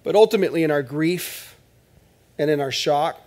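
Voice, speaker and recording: A male pastor preaching a sermon in church in a conversational, joking way, swinging between loud bursts and hushed asides. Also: fairly high pitch, moderate pace.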